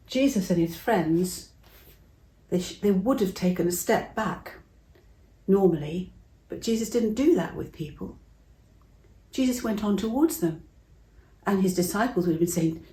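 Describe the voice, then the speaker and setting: A woman's voice: medium pitch, moderate pace, pauses often. English woman telling a Bible story in an echoey room. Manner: expressive, chatty, acts out voices. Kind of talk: storytelling for children.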